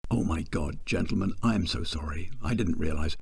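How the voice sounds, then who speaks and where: A man's voice: sits low, brisk, gravelly, hardly any pauses, breathy edge. A man telling a first-person story with wry, self-deprecating humor.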